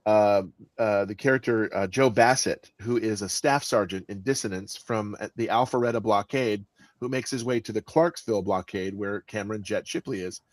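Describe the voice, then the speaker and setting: A man speaking as the guest author in an interview, with an expressive delivery that stresses words and often restarts his sentences. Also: lowish voice, normal speed, dry recording. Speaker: guest author and audiobook narrator. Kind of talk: conversational interview answers.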